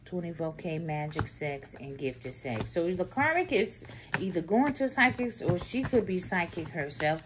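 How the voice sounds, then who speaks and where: A woman giving a casual tarot reading, talking bluntly and explicitly, swinging between loud bursts and low murmurs. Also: background noise. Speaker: tarot reader.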